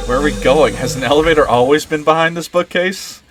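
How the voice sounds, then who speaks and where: A man's voice: a little fast, noisy background, lightly acted. A man doing a jumpy young woman philosopher. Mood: incredulous. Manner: high-strung, shrill when startled. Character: anxious young woman philosopher, easily panicked.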